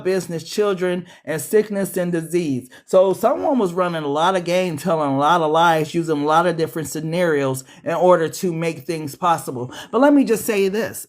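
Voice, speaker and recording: A man giving a casual tarot reading, profane and animated, calling his viewers beloved. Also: a little high. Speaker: tarot reader.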